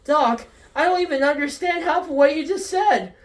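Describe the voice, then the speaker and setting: A woman voicing a nervous, exasperated young man who whines and yells in alarm, recorded in a roomy space from a distance. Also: very high voice, measured pace, pitched above the performer's own voice. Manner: whiny, yelling in alarm. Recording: roomy echo, distant from mic.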